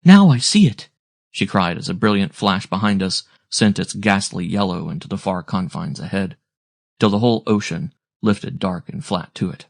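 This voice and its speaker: A man narrating a classic sea story aloud in a measured, descriptive storytelling manner. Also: low voice, fairly even intonation, vocal fry, no room sound, studio quality. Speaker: audiobook narrator.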